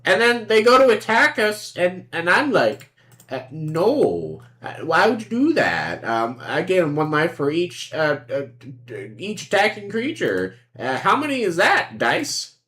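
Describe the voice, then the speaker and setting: A woman's voice: lowish voice, sing-song, measured pace, fairly bright tone. A woman streamer giving casual commentary on a card game, playful and sarcastic, acting out both sides of the table and swearing freely.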